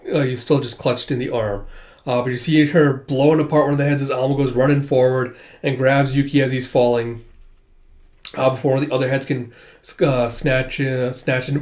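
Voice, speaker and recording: A man's voice: mid-range voice, a little mellow. A man casually narrating and reacting to a comic chapter, chatty and often laughing. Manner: chatty, laughing, many fillers. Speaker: comic read-through host. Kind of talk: casual commentary.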